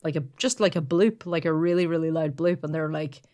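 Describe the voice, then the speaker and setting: A woman's voice: sits low, a little fast, dark tone. A woman co-hosting a podcast in casual chat, rambling with lots of filler words. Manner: rambling, heavy use of "like". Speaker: podcast co-host.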